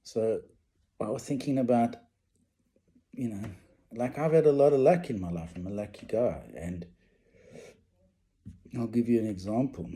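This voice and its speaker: A middle-aged man tells a personal story in a loose, rambling way, circling back with fillers and false starts. His voice is very dark and mellow, sitting at an ordinary male pitch. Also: a little slow, long pauses. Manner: rambling, casual, with many fillers and restarts.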